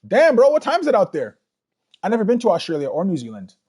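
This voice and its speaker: A man's voice: sits high, wildly swooping pitch, fast, warm tone, husky. A man giving rambling, casual commentary while playing a video game and chatting with viewers. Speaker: let's play streamer.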